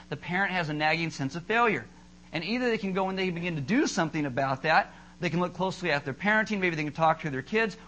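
A man pastor preaching a sermon at a church service in a conversational way, telling humorous stories and slowing down to stress his key points. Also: sits high, fairly bright tone, a little hiss or hum, low-quality recording.

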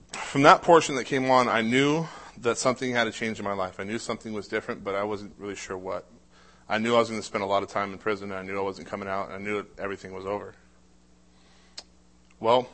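Recounting his own life as a personal testimony, a man speaks casually and conversationally, often restarting and saying "uh." He has a lowish voice with a fairly bright tone.

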